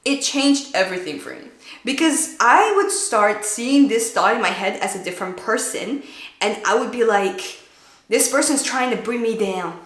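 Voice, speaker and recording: A woman streamer talks through her advice in a loose storytime, blunt and full of swearing. Her voice sits a little high, and the room around her rings with echo. She keeps breaking into mock shouts aimed at her own thoughts. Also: expressive, normal speed. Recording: echoey room.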